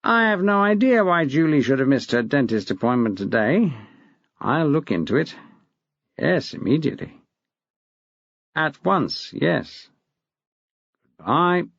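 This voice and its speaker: Male reader does a smug, testy head teacher, husky and dry-sounding. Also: fairly high pitch, big pitch swings, a little slow, long pauses, a bit bright, no echo, exaggerated voice. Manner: smug, acid. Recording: dull dry lo-fi recording.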